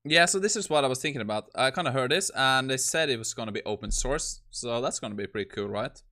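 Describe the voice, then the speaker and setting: A man with a bright, forward voice comments casually on an AI demo. He thinks aloud, trails off, and laughs now and then. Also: medium pitch, expressive, fast talker. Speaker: host.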